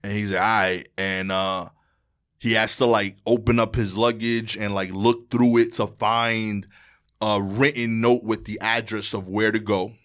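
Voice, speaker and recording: A man's voice: level tone, unhurried, clean tone. A man, a stand-up comedian telling a slangy story as a podcast guest, acting out the people in it. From Brooklyn, New York. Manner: slangy, acts out quoted exchanges, voice drops low and quiet near the end. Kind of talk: animated storytelling in casual chat.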